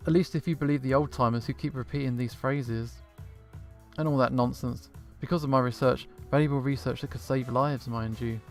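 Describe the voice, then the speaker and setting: A man's voice: mid-range voice, fairly even intonation, a little fast, lightly acted. A man reading the lines of a sarcastic, impatient female dragon scientist in a visual novel, with faint game music behind. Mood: irritated. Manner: dry, sarcastic, dismissive reading.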